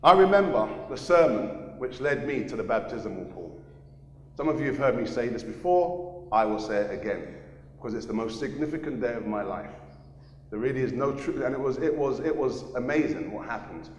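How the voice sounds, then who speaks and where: A man's voice: medium pitch, lively intonation, brisk, slight background noise. A man preaching a sermon, earnestly sharing his testimony and repeating phrases for emphasis. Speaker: pastor. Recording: echoey hall.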